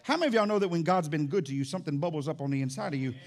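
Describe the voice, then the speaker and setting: Animated male pastor preaching. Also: racing. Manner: animated, shouts and drops low, playful asides. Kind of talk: sermon. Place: church sanctuary.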